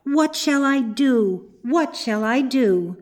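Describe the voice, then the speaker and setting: A woman's voice: high voice, lively intonation, slow pace, a little mellow, voice pushed up. Woman voicing a frightened, pleading little girl. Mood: upset, pleading. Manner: anxious, pleading cries. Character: distressed little girl, easily upset and pleading.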